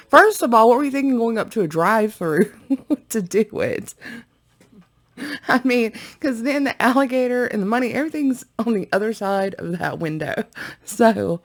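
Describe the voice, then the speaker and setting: A woman hosting a reaction video, chatting casually and rambling to her viewers with frequent giggles. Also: fairly high pitch.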